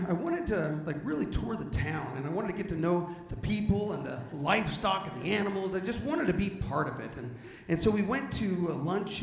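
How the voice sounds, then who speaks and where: Animated man doing stand-up comedy. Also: fairly high pitch, gravelly, echoey room. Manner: animated storytelling, bursts into shouting. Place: stage before an audience.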